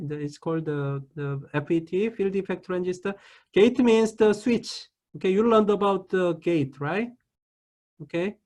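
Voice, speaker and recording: Halting, high-voiced male lecturer. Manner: halting, many restarts and repeated "okay". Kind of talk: classroom lecture.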